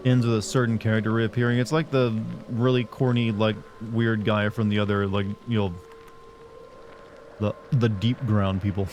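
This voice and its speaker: A young livestreamer chats casually with his viewers during live gameplay, rambling along with lots of fillers. His voice sits on the low side with little pitch movement, a slightly mellow quality, and a normal speed, with slight background noise.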